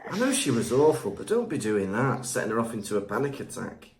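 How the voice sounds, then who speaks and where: Animated man in an echoey room. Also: lowish voice, brisk, creaky. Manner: animated, jokey, exasperated rants. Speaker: podcast co-host. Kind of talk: casual chat.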